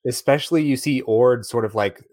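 A man's voice: mid-range voice, moderate pace, darkish tone, no echo. A man co-hosting a podcast, chatting casually about a movie, rambling and laughing often. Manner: rambling, laughs often, acts out lines in a raised voice. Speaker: podcast co-host.

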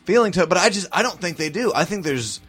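A man's voice: high-pitched, expressive, fast talker, a bit bright, slightly rough, soft background music. A man with a Southern US accent co-hosting a podcast, rambling and restarting sentences with a chuckle. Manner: rambling, self-interrupting, chuckling. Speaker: podcast co-host. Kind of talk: casual chat.

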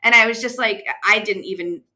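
A woman's voice: mid-range voice, a little fast. A woman from the West Coast co-hosting a podcast, chatting casually with lots of fillers. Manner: chatty, many fillers, animated retelling. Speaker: podcast co-host. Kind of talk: casual chat.

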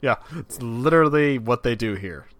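A man's voice: mid-range voice, lively intonation, moderate pace, fairly bright tone. A man in his thirties co-hosting a podcast in casual chat, telling stories on himself with a laugh. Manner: self-deprecating, laughs while telling stories. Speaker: podcast co-host.

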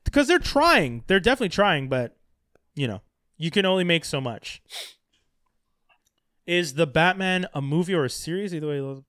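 A man in casual chat about movies, animated and laughing often, acting out bits of dialogue. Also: on the high side, moderate pace, pauses often, no echo, clean studio sound.

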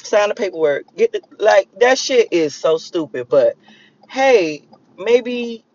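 A woman's voice: mid-range voice, expressive, takes it slowly, a little mellow. A woman in her thirties from Miami, ranting casually to her viewers in a profane, emphatic way and repeating herself for emphasis. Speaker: vlogger. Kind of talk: casual rant to camera. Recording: slightly lo-fi recording.

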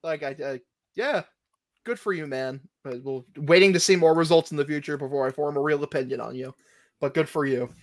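A man's voice: fairly high pitch, brisk, dry recording. A man co-hosting a casual sports podcast, joking around with frequent laughs and swearing. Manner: laughing, joking, profane banter. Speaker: podcast co-host. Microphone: phone.

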